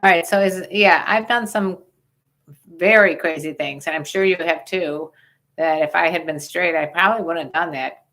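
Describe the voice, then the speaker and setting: Older woman host, low voice, frank and jokey livestream banter. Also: normal speed, fairly bright tone. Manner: bawdy, joking, reads viewer questions. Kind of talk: casual livestream chat.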